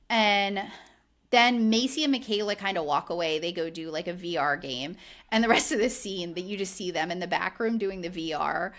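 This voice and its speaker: A woman's voice: lowish voice, normal speed, a bit bright. A woman co-hosting a podcast, recapping a reality show in casual, indignant chat full of "like". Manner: indignant, chatty, heavy use of "like". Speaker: podcast co-host.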